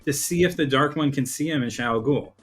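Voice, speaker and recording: A man's voice: medium pitch, a little fast, faint music behind. Brief: male co-host, plain and explanatory, mid-range voice. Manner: explaining, matter-of-fact, reads passages aloud. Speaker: podcast co-host. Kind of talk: casual book-discussion chat.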